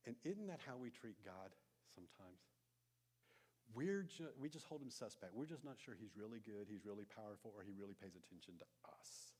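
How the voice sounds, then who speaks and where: A man preaching a conversational sermon in a church, dropping to hushed tones and rising to loud emphasis. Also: fairly high pitch. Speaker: pastor. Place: church sanctuary.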